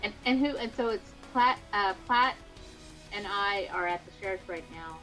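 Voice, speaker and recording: A woman's voice: medium pitch, moderate pace, sharp tone, faint music behind, low-quality recording. Casual woman player in a tabletop game. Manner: casual, hesitant, asks in character. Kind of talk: tabletop role-play chat.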